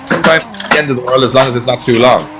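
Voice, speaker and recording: A man's voice: medium pitch, racing, background noise. A man hosting an online event in casual, rambling chat, often trailing off mid-sentence. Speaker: event host.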